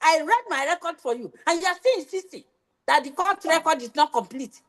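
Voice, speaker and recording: A woman's voice: high-pitched, expressive, fairly quick, fairly bright tone. A woman judge, stern and scolding as she presides over a court hearing. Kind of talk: courtroom proceedings.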